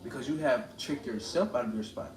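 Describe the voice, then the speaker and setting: A man's voice: mid-range voice, brisk. A man streaming live, talking in a confrontational, preachy rant and repeating lines for emphasis. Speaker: livestreamer. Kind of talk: ranting live stream monologue. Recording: roomy echo with steady background noise.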